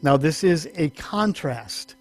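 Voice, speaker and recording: A man's voice: animated, takes it slowly. A man preaching a teaching sermon in a conversational way, correcting himself as he goes and lifting his voice for emphasis. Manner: conversational, self-correcting, rises in pitch for emphasis. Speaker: pastor.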